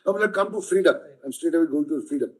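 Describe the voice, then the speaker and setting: A man's voice: a little high, lively intonation, quick pace. A man with an Indian English accent arguing a case before judges in court, emphatic and persistently addressing the bench as my lord. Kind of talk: courtroom legal argument. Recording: echoey courtroom.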